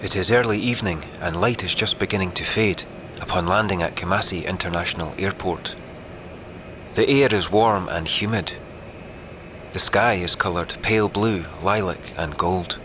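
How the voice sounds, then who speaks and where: A man reading a novel aloud as narrator in a measured, vivid storytelling manner. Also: deep voice, background noise. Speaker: audiobook narrator. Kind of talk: scripted narration.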